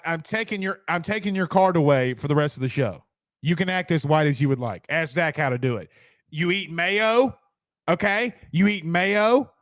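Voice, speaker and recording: A man with a high voice hosts a casual sports talk show, joking and rambling through viewer comments and repeating lines for emphasis. The sound is studio quality with no echo.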